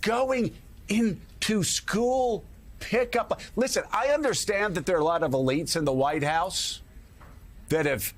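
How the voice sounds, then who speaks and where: A man's voice: a little high, very animated, normal speed. A middle-aged man hosting a morning talk show, delivering indignant, emphatic opinion commentary.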